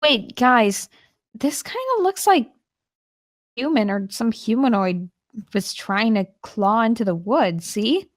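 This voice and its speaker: Brief: wry woman at a tabletop game, quick retorts, somewhat high voice. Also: lively intonation. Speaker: player. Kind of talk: casual tabletop play.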